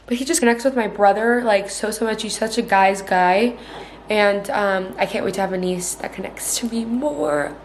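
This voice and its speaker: A woman's voice: mid-range voice, moderate pace, slight background noise. A woman in her twenties chatting casually to her camera at home, bubbly and full of fillers. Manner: chatty, bubbly, heavy use of "like". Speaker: vlogger. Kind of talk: casual vlog chat. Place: at home, indoors.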